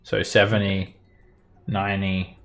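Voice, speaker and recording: A man running a tabletop game as dungeon master, narrating the action briskly and explaining the rules patiently. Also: sits low, completely flat delivery, a bit bright.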